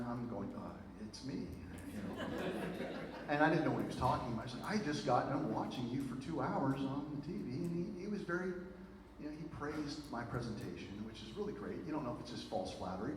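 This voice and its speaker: A man addresses a live audience, telling his story in a lively way with plenty of fillers and side remarks. He is caught from across a large hall, his voice swimming in a long, booming echo. Steady background noise sits under everything. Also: fairly quick. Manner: animated storytelling with frequent fillers and asides. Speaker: speaker. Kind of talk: public speech to a live audience. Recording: very echoey hall from far off, noisy.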